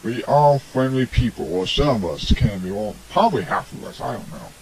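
A man's voice: mid-range voice, expressive, normal speed, gravelly, darkish tone, slight background noise, rough recording. A man hosting a homemade radio show, rambling through a preachy opinion monologue full of "I mean" and "come on". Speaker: amateur radio show host. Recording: homemade hobby recording.

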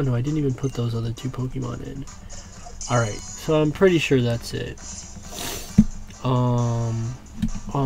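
A young man recording a let's play, exasperated, pleading with the game and swearing, now and then erupting into shouts. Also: mid-range voice. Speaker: gaming YouTuber. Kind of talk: frustrated let's play commentary. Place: home room.

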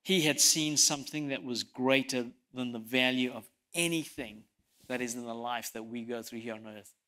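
A man preaching a sermon, telling stories and swinging from loud emphasis to soft, quiet lines, sometimes repeating words as he presses a point. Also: medium pitch, moderate pace. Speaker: pastor.

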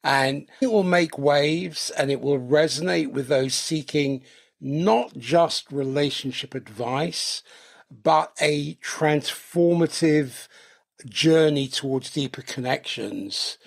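Man, podcast host, measured, flowery, gravelly, slow. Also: fairly high pitch. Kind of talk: podcast interview.

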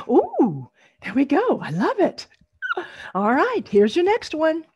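A woman's voice: high-pitched, huge pitch swings, slow, a little mellow. A middle-aged woman, leading an online storytelling workshop over a video call, encouraging and laughing often.

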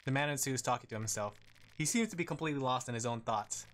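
A man's voice: mid-range voice, fast, fairly bright tone. A man streaming a game, chatting casually with his viewers and laughing often as he plays. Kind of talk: casual gaming commentary.

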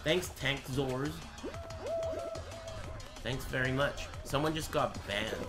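A man in his twenties streams a game live, ranting and swearing at his chat in mock anger over game music. His voice is mid-range and slow.

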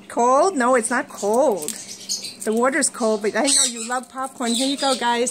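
Brief: woman pet owner, very high lilting baby talk, unhurried, loud squawking birds in the room. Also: heavy background noise. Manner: sing-song baby talk to her pets. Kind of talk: casual pet-talk vlog. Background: loud bird squawks.

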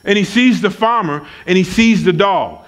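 A man's voice: high-pitched, animated, moderate pace. A man preaching a sermon at a church service, emphatic and folksy, repeating his key lines for weight. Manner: conversational, folksy asides. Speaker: pastor.

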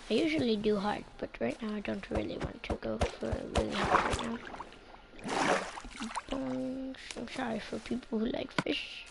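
Whispery, rambling woman over loud hiss. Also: a little high, fairly even intonation, moderate pace, gravelly. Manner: rambling, playful, often drops to a whisper. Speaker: gameplay channel host. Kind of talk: casual gameplay commentary. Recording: loud hiss and clicks on a home mic.

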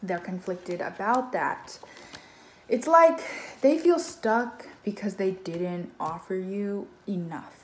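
A woman's voice: mid-range voice, slow, hardly any pauses, a little mellow. A woman giving a casual tarot reading in a chatty, loose way, swearing now and then and acting out what others think. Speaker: tarot reader. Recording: echoey room.

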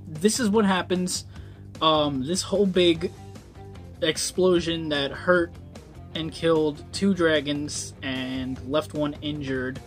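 A man's voice: fairly high pitch, slow. Young man, casual book review, rambling, lots of ums, curses when annoyed, faint music behind. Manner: rambling, frequent ums, swears when worked up.

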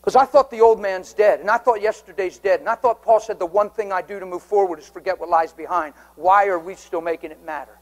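Impassioned high-voiced preacher. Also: male voice, brisk, few pauses, rough recording. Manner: impassioned, swings from hushed whispers to loud urgent emphasis. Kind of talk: sermon. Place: church sanctuary before a congregation.

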